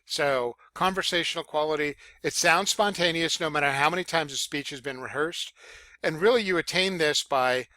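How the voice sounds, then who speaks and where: A man teaching public speaking in a casual lecture, with fillers and self-corrections, demonstrating loud, soft, high and low voices as he explains. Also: normal speed, no room sound. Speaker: college speech instructor. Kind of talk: recorded lecture.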